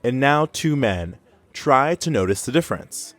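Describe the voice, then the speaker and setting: A man's voice: mid-range voice, lively intonation, measured pace, fairly bright tone. Man explaining in a scripted language lesson. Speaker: French teacher.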